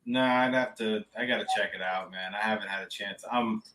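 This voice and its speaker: Casting: male podcast co-host, bright tone, casual and direct. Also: on the low side, fairly even intonation, brisk. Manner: casual, asks direct questions.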